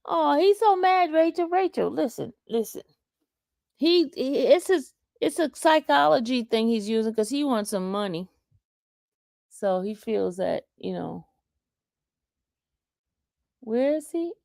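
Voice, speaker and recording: Female livestream host, gravelly, slow delivery, teasing chat. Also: high-pitched, animated, darkish tone, no echo, clean studio sound. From New York. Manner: taunting, reading chat comments aloud.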